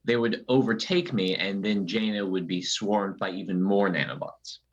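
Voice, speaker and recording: Casting: a low, husky-voiced man, a thoughtful tabletop game player on a dull, lo-fi mic. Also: normal speed. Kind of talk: casual table chat. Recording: muffled lo-fi mic.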